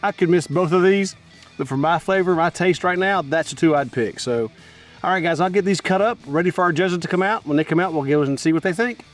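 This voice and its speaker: A middle-aged man hosts an outdoor barbecue cooking show at the grill, tasting as he goes and chatting enthusiastically straight to his viewers in casual commentary. His voice is high and a little fast, with faint music behind it.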